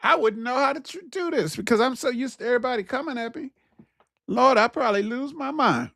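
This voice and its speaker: A man's voice: very high voice, lively intonation, a little fast, vocal fry, bright, forceful tone, dry recording, clean studio sound. A man hosting his own talk show, speaking in a casual, preachy monologue that repeats its key phrases. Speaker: podcast host.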